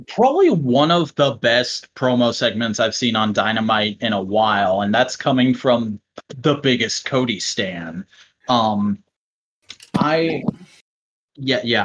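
A man co-hosting a podcast in casual chat, excitable and swearing freely. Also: medium pitch. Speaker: podcast co-host.

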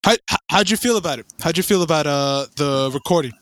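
A young man co-hosting a podcast, chatting casually with lots of stammered restarts and excited rambling. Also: fairly high pitch, fast talker. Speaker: podcast co-host. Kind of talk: casual chat.

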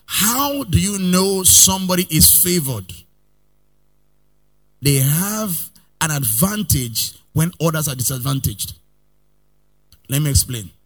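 Husky, animated preaching man. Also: fairly high pitch, slow pace, long pauses. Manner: animated preaching, swinging from loud to soft, sometimes sing-song; calls the congregation to repeat lines after him. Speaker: pastor. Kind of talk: sermon.

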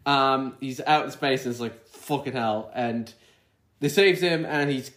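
A man's voice: mid-range voice, a little slow, fairly bright tone. A man co-hosting a podcast, chatting casually about a movie in a rambling, profane way with many restarts. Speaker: podcast co-host. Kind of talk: casual movie-review chat. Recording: roomy echo.

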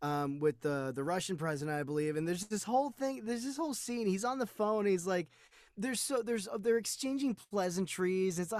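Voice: medium pitch, a little fast, no echo, studio quality. A co-host in a casual movie chat, chatty and full of trivia, acting out scenes while explaining them. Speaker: podcast co-host.

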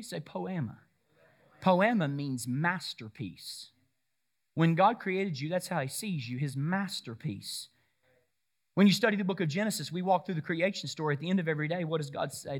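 High-voiced preacher man calling to his flock. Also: moderate pace, fairly bright tone. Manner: rhetorical questions and call-and-response. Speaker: pastor. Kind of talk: sermon. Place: church service.

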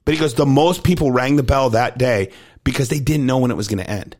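Male podcast co-host, coach, casual storyteller, mid-pitch voice. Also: fast. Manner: storytelling, quotes others in animated voice. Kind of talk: casual chat.

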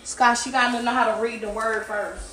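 A woman hosting a podcast from home in casual chat, blunt and profane, scolding loudly at times. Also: fairly high pitch, little pitch movement, moderate pace. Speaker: podcast host. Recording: noisy background.

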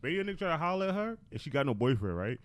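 A man's voice: fairly high pitch, racing, no echo. A man telling stories in a casual podcast chat, acting out the voices of people he quotes. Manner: animated storyteller, acts out quoted voices. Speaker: podcast co-host.

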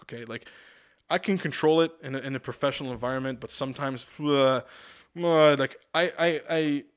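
A man casually telling a work story, profane and animated, acting out what people said. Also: medium pitch. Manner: profane, animated, acts out quotes.

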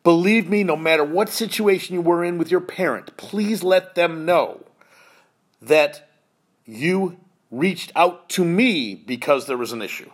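A man's voice: on the high side, lively intonation, measured pace. A man in his fifties hosting a podcast, telling an emotional personal story in an earnest, heartfelt way that turns choked up at times. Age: 50s. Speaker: podcast host.

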